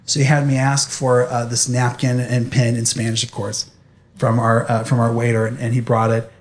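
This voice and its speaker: A man's voice: medium pitch, flat delivery, normal speed. A young man speaking animatedly to an audience, telling a personal story in a motivational talk.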